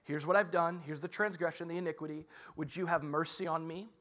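A young adult man preaching a sermon as a pastor, talking casually and swinging between loud emphasis and soft, earnest passages. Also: a little high, fairly even intonation, brisk.

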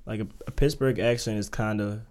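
A man's voice: fairly low pitch, steady tone, fairly quick, crowd noise. A young man, a student, co-hosting a casual podcast with playful, opinionated remarks. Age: young adult. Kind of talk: casual chat.

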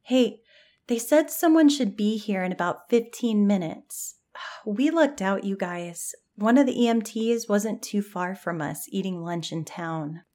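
A woman voicing an excitable young woman who speaks in a raised, eager voice in a spooky story. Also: mid-range voice, a little slow, hardly any pauses, close to an everyday voice.

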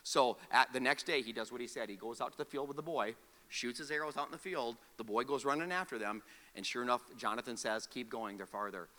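A man's voice: medium pitch, fast talker, pushed and bright, big-room sound. A man preaching a sermon as pastor. He tells the story with animation, acts out the characters' lines and has the audience repeat words back to him.

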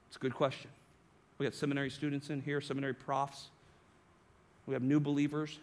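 A pastor preaching a sermon to his congregation, emphatic, often tagging lines with a rhetorical "right?" and slowing down on key phrases. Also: mid-range voice, level tone. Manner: varies pace and volume, slowing on key phrases. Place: church sanctuary.

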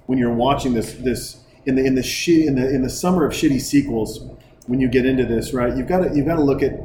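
A man hosting a casual, rambling film commentary with profane, jokey, excitable talk, recorded in a bar. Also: mid-range voice, background noise. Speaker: podcast host reviewing a film. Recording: echoey room with loud background ambience.

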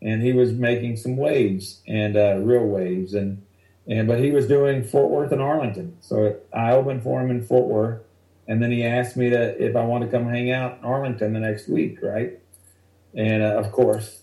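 A male stand-up comedian telling rambling, animated stories from the road in a casual interview. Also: mid-range voice, moderate pace, echoey room, rough recording. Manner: animated, rambling anecdotes that act out other people's lines.

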